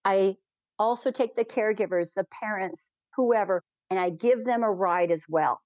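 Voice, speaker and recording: A woman in an interview recounts her flights with heartfelt, animated energy, her speech rushing in quick bursts. She has a mid-range voice for a woman. The recording is dry and close, with no room sound. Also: mid-range voice, dry recording, highs cut off. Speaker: hot air balloon pilot, guest. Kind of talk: emotional storytelling in a podcast interview.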